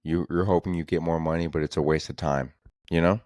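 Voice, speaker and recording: A young man with a very low, deep voice rants his way through a casual comedy podcast. He talks in loose, profane, exasperated bursts. The sound is close and dry, with no room around it. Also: fairly even intonation, fairly quick, darkish tone, no room sound. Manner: rambling, profane, exasperated ranting. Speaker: podcast host.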